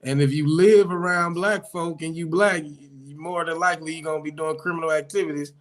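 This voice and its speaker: A man's voice: fairly high pitch, steady tone, fairly quick. A man joining a casual talk show, speaking in a plain-spoken way. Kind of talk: casual chat.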